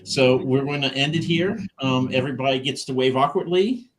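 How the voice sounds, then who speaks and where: A man moderating an author panel in a slow, easygoing way over a video call. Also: mid-range voice, a little hiss or hum. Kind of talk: casual panel chat.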